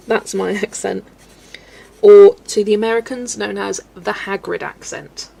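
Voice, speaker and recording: A woman's voice: mid-range voice, slow pace, gravelly, long pauses, mellow, breathy edge. A woman from Southwest England with a Wiltshire accent, chatting casually and self-deprecatingly on a colouring live stream. She laughs often as she answers questions from chat.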